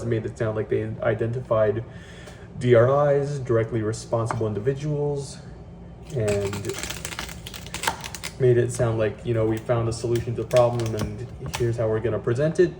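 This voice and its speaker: A man's voice: mid-range voice, steady tone, moderate pace, mellow. A man venting in a casual vlog while cooking in his kitchen, rambling with lots of fillers, restarts and swearing. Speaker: vlogger. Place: home kitchen, cooking at the stove. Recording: distant phone mic with clear tap-water noise.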